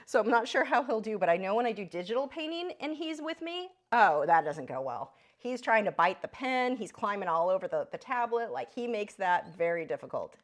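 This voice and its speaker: A woman's voice: sing-song, fairly quick, hardly any pauses. A woman giving a chatty live drawing lesson, breaking off now and then to talk to her pet bird. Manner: high squeaky voice when talking to her bird. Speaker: art instructor.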